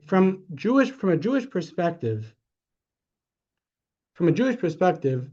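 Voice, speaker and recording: A man teaching a class as a rabbi, telling a story in a conversational way, correcting himself, and growing animated when he makes his point. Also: on the high side, normal speed. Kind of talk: storytelling lecture. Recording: dull lo-fi sound.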